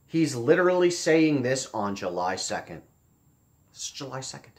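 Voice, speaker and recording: A man's voice: mid-range voice, very animated, normal speed. A man giving casual commentary, blunt and profane, with a sarcastic edge, often repeating phrases for emphasis. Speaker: political commentator.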